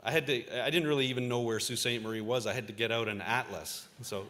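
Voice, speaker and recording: Speaking fast in a steady, pushed and bright mid-range voice, a man in his fifties from Ontario, Canada, addresses a convocation in a large auditorium hall. He's a journalist, telling anecdotes with the odd filler.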